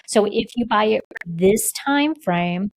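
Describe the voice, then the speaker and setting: A woman's voice: mid-range voice, expressive, slow, no echo, low-quality recording. A woman co-hosting a podcast in a casual, conversational chat with a playful teasing side. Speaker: podcast co-host.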